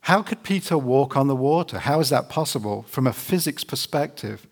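A man preaching straight to a camera. He is earnest and conversational, and he slows down to read scripture. His voice sits at a middling pitch for a man. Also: lively intonation. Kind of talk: sermon to camera. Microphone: camera facing speaker.

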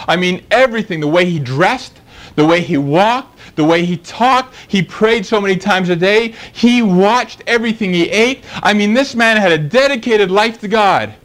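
A man's voice: high-pitched, lively intonation, normal speed, a bit bright, rough recording. A man preaching a sermon, emphatic and fond of rhetorical questions.

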